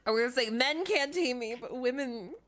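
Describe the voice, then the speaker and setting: A young woman streaming a game live, chatting casually, laughing often and shouting playfully back at her chat. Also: high-pitched, fairly quick. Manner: giggly, playful, keeps yelling at chat.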